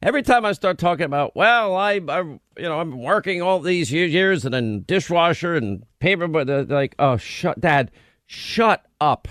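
A middle-aged man hosting a radio talk show, telling stories in a rambling, animated way. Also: a little high, moderate pace, hardly any pauses, no echo, studio quality. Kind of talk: casual talk radio banter.

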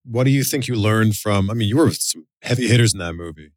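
A man's voice: on the low side, expressive, quick pace, no echo, studio quality. A man hosting an interview, asking curious questions in an easygoing, casual way. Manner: curious, easygoing, laughs along. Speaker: interview host.

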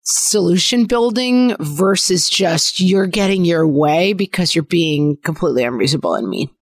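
A woman's voice: fairly low pitch, normal speed, no room sound, studio quality. A woman in her forties co-hosting a podcast, chatting casually and telling stories from home. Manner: conversational, storytelling about parenting. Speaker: podcast co-host.

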